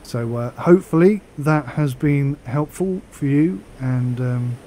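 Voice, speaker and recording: A man's voice: mid-range voice, a little slow, mellow, poor audio. Chatty man vlogging. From United Kingdom. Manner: chatty, rambling with fillers. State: hiccups. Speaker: flight sim YouTuber. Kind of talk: casual vlog commentary.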